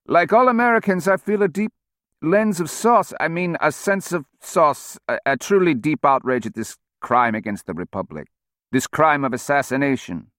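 A man's voice: on the high side, expressive, fairly quick, fairly bright tone, no room sound, studio quality, pitched above the performer's own voice. A man voicing a dazed male politician in his seventies who stumbles over his words. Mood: flustered.

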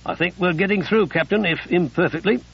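Smug, refined gentleman voiced by a male narrator, gravelly and husky, lo-fi audio. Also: sits high, a little fast, pitched above the performer's own voice, exaggerated voice. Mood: self-assured. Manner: self-assured, refined. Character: smug educated English gentleman.

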